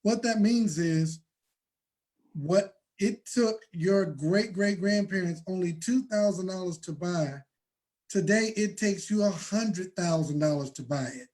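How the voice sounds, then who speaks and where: A man hosting a motivational money talk, preaching and building to shouts. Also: sits high, measured pace. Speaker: host.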